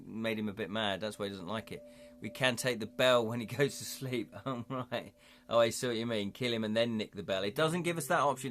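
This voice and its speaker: A man's voice: mid-range voice, a bit bright. A man hosting a live stream, reading a gamebook aloud and chatting with viewers, laughing often. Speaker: livestream host reading a gamebook.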